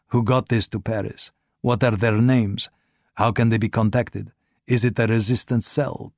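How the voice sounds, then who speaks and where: A man's voice: on the low side, a little mellow, dry recording, studio quality. A man reading as an obsequious, educated agent. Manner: smooth, persuasive, questioning. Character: obsequious educated male agent, Eastern European note.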